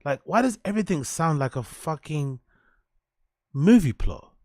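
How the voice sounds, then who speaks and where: A man's voice: a little high, lively intonation, brisk, dry recording, clean studio sound. A young British man hosting a casual reaction show, sarcastic, swearing, and firing mock questions at his chat. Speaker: host.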